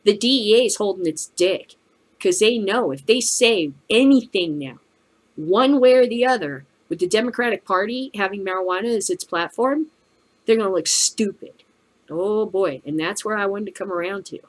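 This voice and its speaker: A woman's voice: medium pitch, lively intonation, moderate pace, rough recording. A woman hosting a cannabis news show, ranting in profane, sarcastic commentary.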